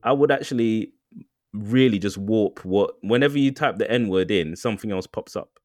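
A young man from co-hosting a casual podcast chat, animated and laughing often as he mimics other voices. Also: fairly low pitch, moderate pace, no room sound, studio quality. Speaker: podcast co-host.

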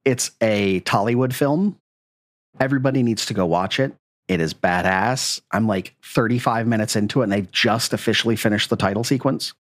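A man's voice: on the low side, normal speed, no room sound, clean studio sound. A man in his thirties co-hosting a casual podcast, talking with enthusiasm. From Houston area. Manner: enthusiastic, animated storyteller. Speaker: podcast co-host. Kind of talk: casual chat.

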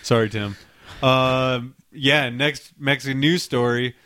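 A man's voice: mid-range voice, steady tone, slow, sharp tone, clear, resonant tone, dry recording. A man hosting a podcast in casual banter. He teases his co-host with a dry manner, close on a studio mic.

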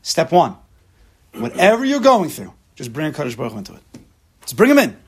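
A man's voice: on the high side, wildly swooping pitch, fairly quick. A man teaching a class, emphatic, mixing Hebrew terms into his English. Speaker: Torah teacher. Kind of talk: lecture to a class.

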